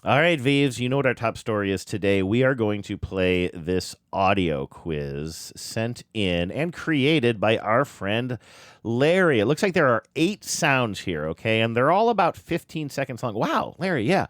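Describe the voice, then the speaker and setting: Brief: relaxed male podcast host, chatty and dry-miked. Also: medium pitch, measured pace, no echo. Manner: easygoing, affirming, lightly joking. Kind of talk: casual podcast chat.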